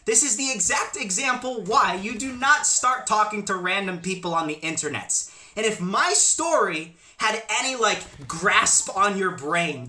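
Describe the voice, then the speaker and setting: Animated young man telling a story. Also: a little high. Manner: animated, chatty, many asides. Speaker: YouTube storyteller. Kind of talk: storytime vlog. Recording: echoey room.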